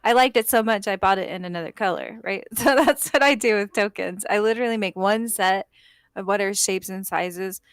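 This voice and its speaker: A woman's voice: mid-range voice, a little fast, clean tone, dry recording, studio quality. Giggly teasing woman from California. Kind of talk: casual chat.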